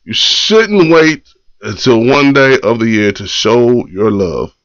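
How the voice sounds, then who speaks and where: A man's voice: medium pitch, lively intonation, slow pace, a bit bright, no room sound. A man hosting a morning poetry live stream, chatting casually and loosely with slang, greeting viewers and reading their comments. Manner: laid-back, loose slang, repeats phrases. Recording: dull lo-fi live stream audio.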